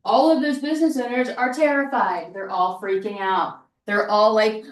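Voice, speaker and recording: A woman presenting a workshop in a casual, animated way, often saying "like" and "right?" and repeating points for emphasis. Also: a little high, a little slow, hardly any pauses. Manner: chatty and animated, fond of "like" and "right?". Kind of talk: casual seminar talk. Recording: echoey room, mic at a distance.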